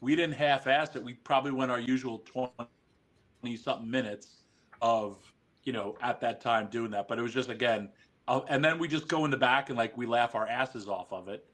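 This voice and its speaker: A man at an average pitch tells stories on a podcast. He is animated and profane, with lots of fillers and quick asides. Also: rough recording. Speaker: guest. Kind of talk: podcast storytelling.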